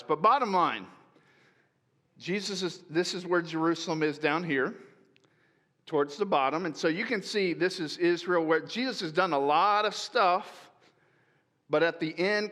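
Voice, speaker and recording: A man's voice: a little high, fairly bright tone, long reverb tail. A man preaching a conversational sermon as a pastor, acting out the voices of the people in the story. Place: large church hall.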